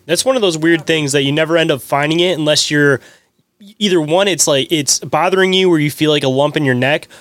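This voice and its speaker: A man hosting a podcast interview, reacting quickly and eagerly asking questions. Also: a little high, a bit bright. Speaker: podcast host. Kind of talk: casual interview chat.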